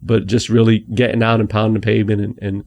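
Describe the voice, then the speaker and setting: A man appearing as a guest attorney, talking in a relaxed, easygoing way with frequent restarts. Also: lowish voice, fast talker, gravelly. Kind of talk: casual conversation.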